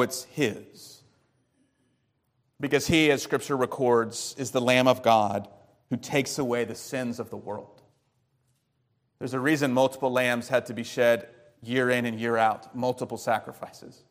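A man, a pastor, preaching an expository sermon that teaches through the scripture and poses rhetorical questions, shifting his loudness and pace for emphasis. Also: mid-range voice.

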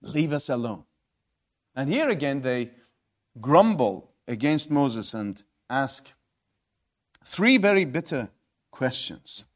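A man preaching a sermon, emphatic and swinging between loud and hushed delivery, asking rhetorical questions and calling his listeners friends. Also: mid-range voice, sing-song, takes it slowly, long pauses.

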